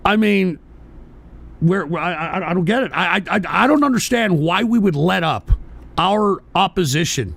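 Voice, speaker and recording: A man hosting a political talk show with a gravelly, high voice. He rants in a combative, foul-mouthed way and keeps circling back to the same tag phrases. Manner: profane, combative ranting with frequent shouting; repeats "all right?" and "for Christ's sake". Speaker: radio show host. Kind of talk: political call-in rant.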